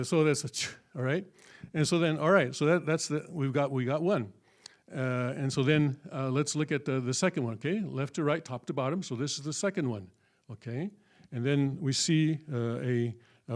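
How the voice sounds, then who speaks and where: A man teaching a classroom lesson in a folksy, halting way, often checking with the room. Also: mid-range voice. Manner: folksy, full of fillers and checking "okay?". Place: church hall.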